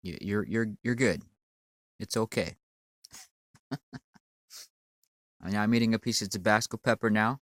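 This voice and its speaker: Low-voiced man ranting with a head cold. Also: measured pace, pauses often, dry recording. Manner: profane, rambling, stammering retort to a commenter. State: congested with a sinus cold. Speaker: channel owner. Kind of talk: ranting monologue.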